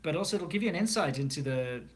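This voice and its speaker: A man's voice: on the high side, lively intonation, fast. A South African man hosting a casual livestream Q&A, talking candidly and rambling with frequent fillers and restarts. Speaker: livestream host.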